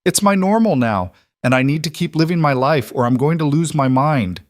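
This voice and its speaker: A man voicing a fierce, frightened young pregnant frontier wife in an audiobook, sounding pleading and quick to snap. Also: mid-range voice, very animated, warm tone, no echo, clean studio sound. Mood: upset. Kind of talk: audiobook character voice.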